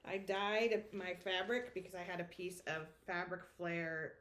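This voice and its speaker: A woman's voice: lowish voice, unhurried, fairly bright tone, slight background noise. A woman co-hosting a casual stitching chat, playful and often searching for words. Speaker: flosstube co-host.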